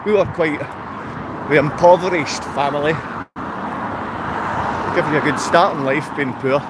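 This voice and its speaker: A Scottish man with a Glaswegian accent, rambling to his viewers on a walk-and-talk vlog, chatty and quick to laugh. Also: on the high side. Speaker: vlogger. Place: outdoors on a town street with traffic. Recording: street traffic noise behind.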